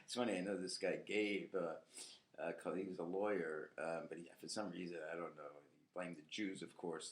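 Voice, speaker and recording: Brief: New man, 50s, gravelly and low, swearing podcast ranter. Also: a bit bright. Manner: ranting, profane, laughs often. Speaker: podcast host. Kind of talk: rambling monologue.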